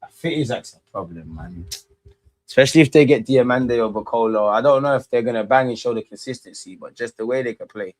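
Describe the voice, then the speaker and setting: A man's voice: mid-range voice, brisk. A man, rambling through casual live football watch-along commentary with slangy banter. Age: 30s.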